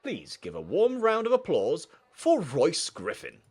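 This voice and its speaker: A man voicing a middle-aged school principal who addresses students in a slow, formal way in a game. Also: on the high side, huge pitch swings, darkish tone, breathy edge, voice pushed up, exaggerated voice.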